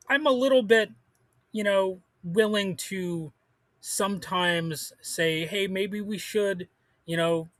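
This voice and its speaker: A man's voice: a little high, bright, forceful tone, no echo. A man hosting a solo podcast, rambling casually with lots of fillers and restarts, blunt and prone to swearing. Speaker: podcast host.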